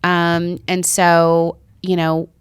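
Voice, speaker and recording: Chatty woman podcast co-host, low voice. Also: monotone, very slow, clear, resonant tone, no room sound, clean studio sound. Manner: chatty storyteller, acts out quoted voices. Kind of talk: casual chat.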